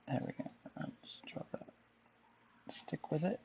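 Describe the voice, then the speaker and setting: A man's voice: unhurried, dark tone, dull audio, slight background noise. A man chatting casually to viewers while drawing, rambling and musing aloud, often answering himself. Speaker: artist vlogger.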